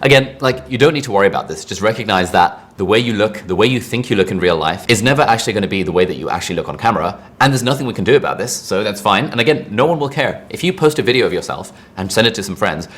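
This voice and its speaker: Male instructor, low voice, quick and rambling, casual lesson delivery. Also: expressive, a bit bright. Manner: chatty, rambling asides, frequent "like". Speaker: online course instructor.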